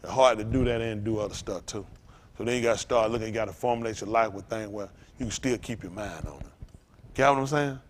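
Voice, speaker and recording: A man's voice: on the low side, quick pace, slight background noise. A male pastor preaching a sermon, telling personal stories in loose, everyday talk. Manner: animated preaching with loose vernacular storytelling.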